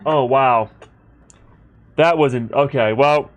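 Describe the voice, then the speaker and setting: With soft music in the background, a man speaks slowly at a medium pitch during a role-playing game livestream. He chats easily with viewers in between reading out game text.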